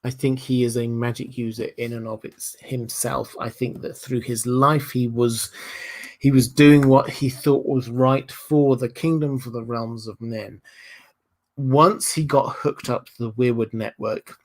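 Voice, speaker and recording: A man with a Southern English accent hosts a livestream and answers viewer questions at an unhurried pace. He thinks aloud, with plenty of ums and uhs between his points. His voice sits at an ordinary middle pitch. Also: fairly even intonation. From Hampshire, England. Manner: thoughtful, hesitant, many ums and uhs. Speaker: livestream host.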